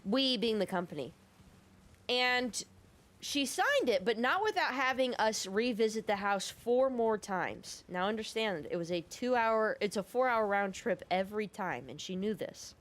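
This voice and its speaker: A woman's voice: mid-range voice, animated, unhurried. A woman making a gaming video who tells a story in a casual, rambling, profane and sarcastic way. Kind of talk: casual storytelling over gameplay.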